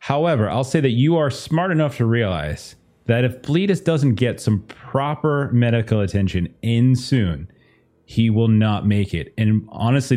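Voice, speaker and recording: A man's voice: medium pitch, dark tone. Casual male game master. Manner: casual, laughing, many fillers and restarts. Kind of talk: narrating a tabletop game.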